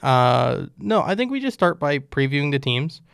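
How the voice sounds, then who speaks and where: A man's voice: a little high, very animated, moderate pace, gravelly, clean tone, no echo, clean studio sound. Joking young man hosting a podcast. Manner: loose, joking, with many restarts. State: losing his voice. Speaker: podcast host. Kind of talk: casual sports podcast chat.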